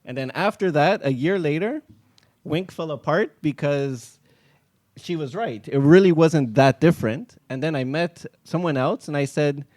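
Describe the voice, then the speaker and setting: A man's voice: a little high, normal speed. A man, an app founder, telling stories in a casual podcast chat and acting out quoted dialogue. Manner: animated, acts out quoted dialogue.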